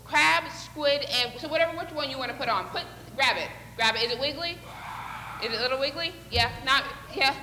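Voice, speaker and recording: A woman with a high, bright voice leads children through a playful, acted-out Bible lesson. She coaxes them along with questions and pretend actions. Her voice rings around a large church sanctuary with a long, echoing reverb. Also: a little fast, a little hiss or hum. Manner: playful, coaxing, acts out fishing with the children. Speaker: children's sermon leader. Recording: echoey hall with long reverb.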